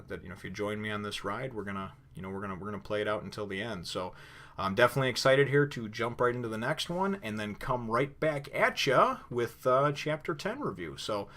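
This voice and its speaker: A man's voice: on the low side, a bit bright. A man giving a casual spoken review, retelling the story loosely with many fillers and restarts. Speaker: comic book reviewer.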